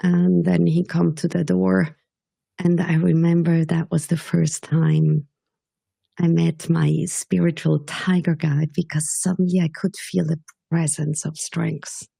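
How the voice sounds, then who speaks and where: A woman speaks as a podcast guest, her voice deep, dark and gravelly. She talks slowly and deliberately, at times sinking into a husky whisper. The sound is close and dry. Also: level tone, no room sound. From Switzerland. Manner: slow, measured, sometimes dropping to a whisper. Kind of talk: podcast interview storytelling.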